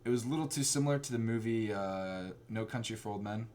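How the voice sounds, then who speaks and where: A man hosting a casual chat, talking in an animated, rambling way. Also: lowish voice, quick pace, slight background noise. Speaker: host.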